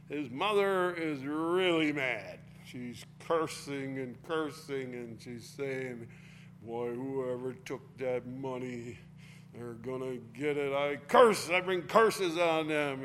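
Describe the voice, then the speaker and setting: A man's voice: medium pitch, a little hiss or hum. Man teaching a casual Bible lesson. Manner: casual explaining, reading scripture aloud with force.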